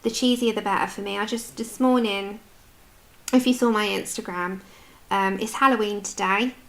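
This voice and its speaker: A woman's voice: mid-range voice, steady tone, normal speed, fairly bright tone. A British woman in her adult years chatting casually with viewers while colouring on a livestream, answering their comments as she goes. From United Kingdom.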